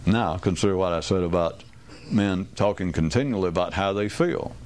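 A man's voice: deep voice, moderate pace, a little mellow, a little hiss or hum. A man giving a rambling, wry talk to a small group, restarting sentences and acting out quoted voices.

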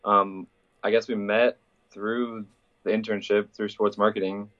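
A man's voice: on the low side, little pitch movement, measured pace, fairly bright tone, lo-fi sound. A man in his twenties from Iowa, a college senior talking casually as a podcast guest. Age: 20s.

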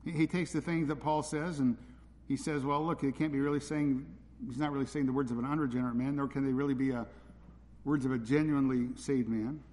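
Blunt pastor guy preaching, mid pitch, long hall echo behind him. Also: fairly even intonation, a little fast, darkish tone. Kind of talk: sermon. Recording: reverberant hall.

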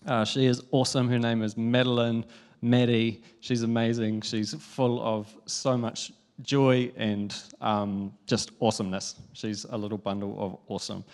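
A young New man preaching a sermon, telling a family story in a lively, chatty way with frequent laughs. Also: mid-range voice, moderate pace. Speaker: pastor.

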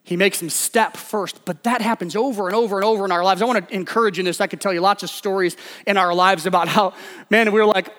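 A man's voice: sits high, steady tone, fast, fairly bright tone, big-room sound. A man preaching a sermon in a conversational way, often slipping into short acted-out quotes. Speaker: pastor.

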